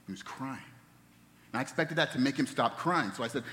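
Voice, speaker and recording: A man in his thirties preaching a sermon as a pastor, telling stories and dropping to soft, hushed tones at tender moments. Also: mid-range voice, very animated, a little fast. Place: church sanctuary. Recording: long reverb of a church hall.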